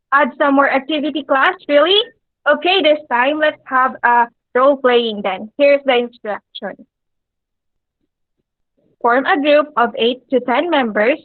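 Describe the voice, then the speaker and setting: A woman with a high voice leads a classroom lesson and stops often to check that her students follow. Her speech is paced with deliberate pauses and an occasional filler. The recording is dry and a little dull. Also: dry recording. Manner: asks the class frequent check-in questions. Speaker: English teacher. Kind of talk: classroom lecture addressing students.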